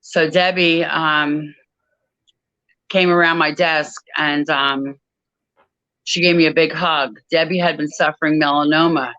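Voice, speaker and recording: A woman guest in an interview, telling a personal story in a measured, reflective way with frequent pauses. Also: deep voice, steady tone, bright, forceful tone, dry recording, dull audio. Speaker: author and guest.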